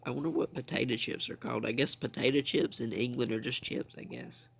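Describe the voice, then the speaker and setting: A man's voice: medium pitch, brisk, vocal fry, fairly bright tone, husky. A young man from the United States rambling through casual gameplay commentary, saying "I mean" and "bro" again and again. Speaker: gaming channel host.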